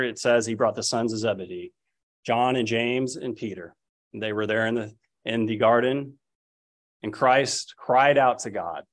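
A man in his thirties preaching a sermon, retelling scripture and family stories, acting out the people he quotes. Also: mid-range voice. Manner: storytelling, quotes figures in raised voices.

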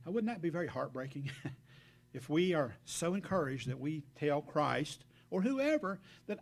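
A man delivers a sermon in an easy, conversational way, talking straight to his congregation. His voice sits a little high for a man, and he stays earnest and reflective as he moves between scripture and his own thoughts. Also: sing-song, moderate pace, gravelly. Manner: earnest, warm direct address to the congregation, reflective asides. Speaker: preacher.

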